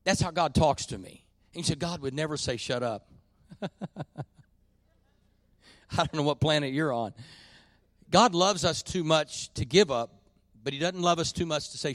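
Guy preaching a sermon, pretty high voice, folksy, goes quiet then loud. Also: expressive, moderate pace, long pauses, no room sound. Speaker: pastor. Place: church.

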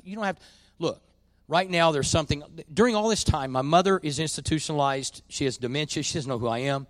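A man preaching a sermon, dropping to quiet confiding and rising to loud, drawn-out peaks. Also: on the high side, animated, dry recording. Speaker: pastor.

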